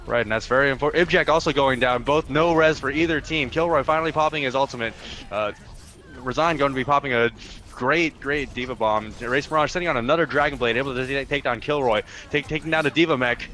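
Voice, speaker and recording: A man giving fast live play-by-play commentary on an esports match in clipped phrases. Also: mid-range voice, sharp tone. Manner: rapid play-by-play, clipped phrases, quick restarts.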